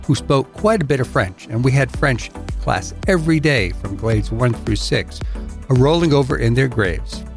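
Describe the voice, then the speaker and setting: A man's voice: medium pitch, expressive, moderate pace, soft background music. An older man from Massachusetts co-hosting a travel podcast, teasing and self-deprecating in casual chat. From Massachusetts, USA. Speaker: podcast co-host.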